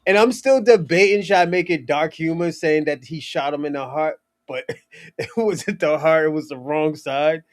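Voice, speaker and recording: A young man talks in a loose, rambling monologue about his movie. His voice sits a bit high, and he keeps breaking into laughs, restarting his sentences and swearing casually. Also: normal speed.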